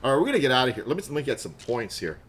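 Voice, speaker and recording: A man from Canada, chatting excitably on a live gaming stream, laughing often and loudly greeting viewers. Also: medium pitch, very fast, a little hiss or hum.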